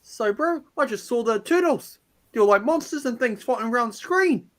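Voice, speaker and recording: A man's voice: extremely high pitch, animated, moderate pace, voice pushed up. A man playing a laid-back stereotypical young Kiwi bloke, with an exaggerated New Zealand accent. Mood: excited. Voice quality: exaggerated drawl.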